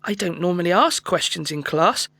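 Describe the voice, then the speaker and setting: A woman voicing a schoolboy named Jack in a scripted textbook audio dialogue, talking in a relaxed, chatty way about how he studies. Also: on the low side, moderate pace, gravelly, no room sound. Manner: relaxed, chatty, laughs easily.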